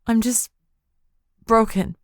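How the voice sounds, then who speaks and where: A woman's voice: a little high, fairly even intonation, slow pace, no echo, studio quality, voice pushed up. Lady doing a sobbing young witch girl, pleading, voice breaking. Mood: tearful. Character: distraught young witch heroine, the narrator.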